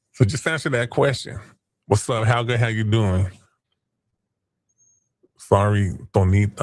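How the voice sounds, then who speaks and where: A man's voice: lowish voice, a little mellow, no echo, studio quality. A man hosting a casual livestream, taunting chat users in crude, profane slang. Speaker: stream host.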